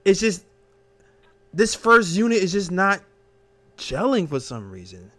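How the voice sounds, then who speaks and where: A man hosting a casual sports talk show, animated and emphatic, tossing out questions as he thinks aloud. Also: high voice, unhurried. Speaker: host.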